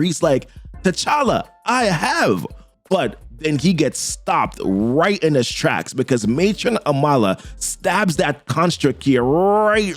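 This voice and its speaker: A man recapping a comic book in casual, enthusiastic commentary, dotted with fillers. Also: a little high. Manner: enthusiastic, filler-heavy narration.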